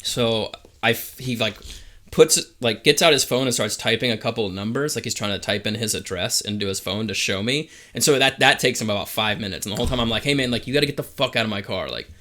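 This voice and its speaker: A man's voice: fairly low pitch, brisk, sharp tone. A young man co-hosting a podcast, telling a story in a laid-back way, swearing freely and filling with "like". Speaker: podcast co-host. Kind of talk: casual chat.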